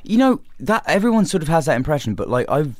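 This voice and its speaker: A young English man chatting as a guest in an interview, talking in quick bursts full of fillers and restarts. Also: on the high side, sing-song, dry recording, clean studio sound. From England. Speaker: actor guest. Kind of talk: casual interview chat.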